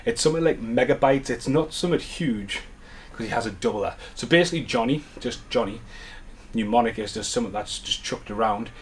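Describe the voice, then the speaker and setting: A man's voice: mid-range voice, animated, fairly quick. Brief: male home-video collector, mid-range voice, rambling and eager unboxing chat, faint background hiss. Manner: chatty, rambling, enthusiastic. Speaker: home media collector vlogger.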